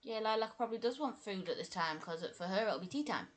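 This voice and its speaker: A woman chatting casually on a live stream, a little tipsy, self-deprecating and quick to laugh. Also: medium pitch, animated.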